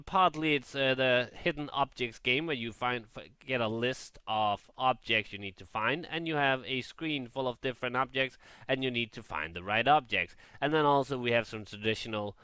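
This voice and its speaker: A man's voice: medium pitch, sharp tone, clean tone, no room sound. A man hosting his gaming show in an unscripted, rambling and self-mocking monologue, swearing casually. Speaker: gaming channel host.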